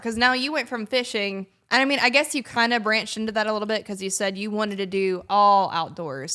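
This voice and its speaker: A woman co-hosting and interviewing in a casual chat, talking in a chatty way full of "like" and "um" and quick to laugh. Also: medium pitch, bright, forceful tone. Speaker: co-host interviewer.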